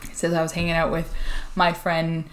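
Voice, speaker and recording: A woman's voice: sits low, monotone, normal speed, low-quality recording. A young woman co-hosting a casual podcast, teasing, laughing and swearing. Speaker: podcast co-host. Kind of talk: casual chat. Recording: faint background noise.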